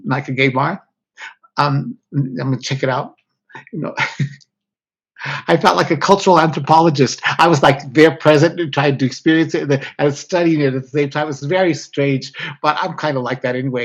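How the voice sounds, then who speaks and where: A man, a guest author, speaking candidly and reflectively in an interview, often breaking off mid-thought. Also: on the high side. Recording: slightly dull lo-fi audio.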